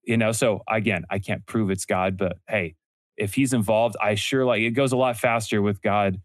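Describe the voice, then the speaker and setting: Male guest, lower register, earnest storyteller, restarts often; dry close mic. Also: fairly even intonation, moderate pace, dry recording. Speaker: guest entrepreneur. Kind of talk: casual interview conversation.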